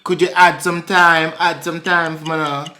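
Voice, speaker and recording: A young man putting on a fake Jamaican patois accent to tease strangers on a phone video chat, with slow, loud, slangy teasing. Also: on the high side, level tone, a little hiss or hum. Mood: playful. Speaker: prankster vlogger. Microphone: phone on video call.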